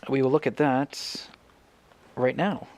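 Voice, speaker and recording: A man's voice: mid-range voice, fairly even intonation, takes it slowly, darkish tone. A man giving casual, rambling commentary on his building game, thinking aloud and correcting himself as he goes. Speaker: Minecraft let's player.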